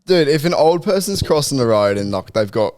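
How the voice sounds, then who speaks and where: A man's voice: mid-range voice, very animated, fairly quick, a little mellow. A young Australian man co-hosting a podcast, exasperated and profane, often laughing. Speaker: podcast co-host. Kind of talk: crude casual banter.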